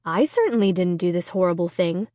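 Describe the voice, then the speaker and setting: A woman's voice: lowish voice, expressive, brisk, dark tone, no room sound, natural voice. Woman voicing a stern mom, clipped, controlled, dry close sound. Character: stern, shocked mother, adult woman.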